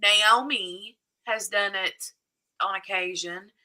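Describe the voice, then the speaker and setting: A woman's voice: medium pitch, takes it slowly, pushed and bright, poor audio. A woman hosting a casual craft livestream, chatting and thanking her viewers and moderators. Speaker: livestream host.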